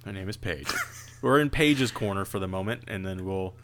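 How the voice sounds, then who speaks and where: A man co-hosting a casual podcast, animated and joking, quick to laugh. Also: sits low, background noise. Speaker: podcast co-host.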